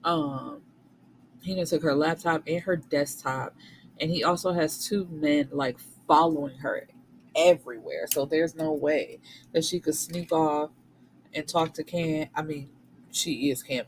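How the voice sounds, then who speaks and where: A woman's voice: sits low, normal speed, slight background noise, low-quality recording. Slangy woman recapping a book. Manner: slangy, animated, swears freely. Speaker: book reviewer.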